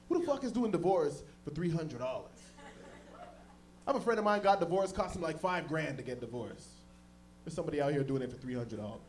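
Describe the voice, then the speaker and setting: Animated stand-up comic from Toronto. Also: male voice, fairly quick, long pauses, a little hiss or hum. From Toronto area, Canada. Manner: loud, animated storytelling, jumps into high-pitched voices for characters. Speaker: stand-up comedian. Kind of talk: stand-up comedy set. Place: comedy club stage.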